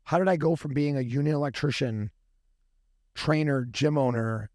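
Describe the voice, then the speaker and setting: A man's voice: a little high, normal speed, darkish tone, dry recording, studio quality. A man talking as a podcast guest and company founder, telling stories casually and animatedly, swearing freely and acting out the people in them. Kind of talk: casual storytelling. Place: podcast studio room.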